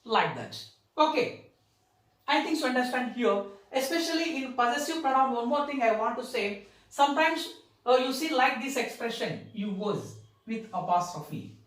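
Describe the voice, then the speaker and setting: A woman teaching a grammar lesson, repeating words slowly and stressing key terms. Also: a little high, very animated. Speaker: English teacher. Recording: echoey room, far from the mic.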